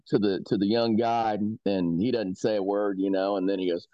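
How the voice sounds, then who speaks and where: A laid-back man on a podcast, unhurried as he winds through a story. His voice sits a little low. The audio is dry and a bit dull, with the top end rolled off. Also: fairly even intonation, dark tone, no echo. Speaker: podcast co-host. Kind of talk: casual storytelling chat.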